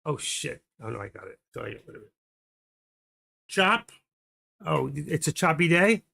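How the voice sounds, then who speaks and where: A man hosts a casual trading live stream, rambling and half-muttering to himself. His voice is heavily gravelly and raspy, sitting a bit higher than most men's. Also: lively intonation, fast talker, a bit bright.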